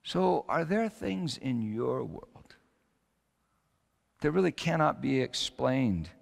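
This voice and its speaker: A man's voice: mid-range voice, expressive, takes it slowly, creaky, in a large hall. Man preaching with dramatic swings. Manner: storytelling with sudden loud bursts and quiet drops. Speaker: pastor. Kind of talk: sermon.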